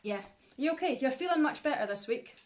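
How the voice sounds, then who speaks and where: A Scottish woman with a slightly high voice, talking casually as co-host of a live stream. She chats easily and laughs often, mixing Scots words into her speech. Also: expressive, fairly quick, over a noisy crowd. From Scotland. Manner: chatty, easy laughs, drops into Scots words. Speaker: co-host, musician.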